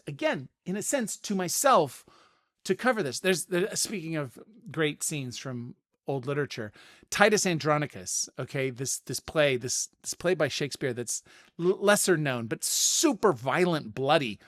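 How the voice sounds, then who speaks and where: A middle-aged man hosting a casual podcast, talking through ideas in an animated way and often repeating words as he thinks. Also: a little high, normal speed. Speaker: podcast host. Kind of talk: casual spoken commentary.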